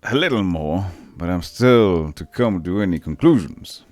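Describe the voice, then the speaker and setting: A man's voice: deep voice, animated, unhurried, a little mellow, no room sound, soft background music. A man streaming a text adventure, reading it aloud in a playful, theatrical way with jokey asides. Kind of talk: reading and reacting to an AI text game.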